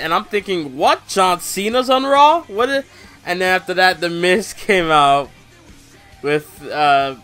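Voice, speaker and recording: A man's voice: fairly high pitch, sharp tone, clean tone. A young man casually recapping a wrestling show in slangy, rambling talk full of fillers.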